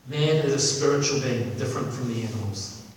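A man's voice: medium pitch, brisk, a little hiss or hum. A man preaching a sermon with enthusiasm, repeating words and restarting phrases often. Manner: enthusiastic, repetitive, lots of restarts and fillers. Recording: echoey hall from far off with faint ambience.

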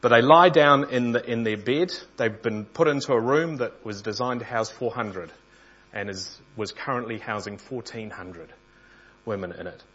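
An earnest male preacher who tells a story in his sermon and sometimes stumbles and restarts a phrase. His voice is husky and mid-pitched. The recording sounds dull and muffled. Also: fairly bright tone.

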